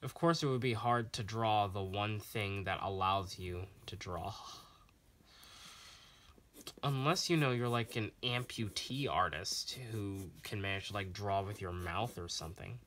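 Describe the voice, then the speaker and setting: Recorded on a phone, a man vlogs while drawing on camera, rambling in a self-deprecating way and sounding sarcastic. His fairly low, slightly bright voice moves at normal speed with few pauses, over a little hiss or hum.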